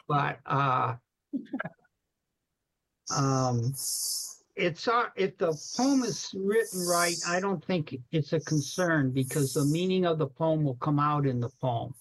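A woman from Detroit answering a question in a thoughtful, unhurried way with fillers. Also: sits low, animated, poor audio. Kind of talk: casual chat.

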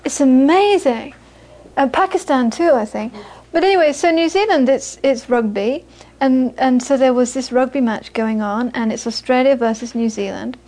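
Middle-aged woman, a Buddhist teacher with a high voice, chatty storytelling talk full of restarts. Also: moderate pace, darkish tone. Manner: chatty storyteller, many restarts and repeated words. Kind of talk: informal dharma talk with anecdotes.

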